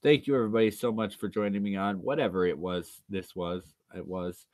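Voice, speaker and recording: A tired man rants through a home livestream, swearing and throwing out sarcastic asides. His voice sits on the low side. The sound is dry, with no room around it. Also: a little fast, a little mellow, no echo. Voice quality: profane, sarcastic. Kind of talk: casual ranting livestream talk.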